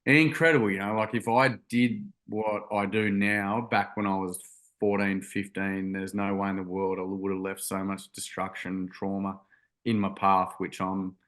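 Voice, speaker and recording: A man's voice: sits low, flat delivery, moderate pace, fairly bright tone. A young man telling a story in an interview, earnest and rambling with many ums and restarts. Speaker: guest, youth workshop founder.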